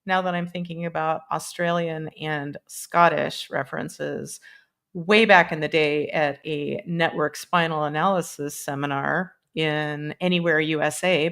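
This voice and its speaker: Gravelly, rambling woman hosting a live stream. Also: low-pitched, a bit bright. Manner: rambling and laughing, with frequent swearing. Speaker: livestream host. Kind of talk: casual live-stream chat. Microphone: computer mic on a live stream.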